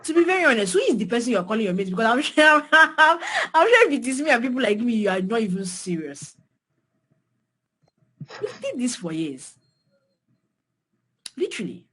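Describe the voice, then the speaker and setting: Nigerian woman, husky voice, fired up mentoring talk, keeps repeating herself for emphasis, pitch jumps all over. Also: very animated, moderate pace, pauses often. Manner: emphatic, swings pitch and loudness widely, repeats phrases for emphasis. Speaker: design mentor speaking to beginners. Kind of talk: passionate motivational talk.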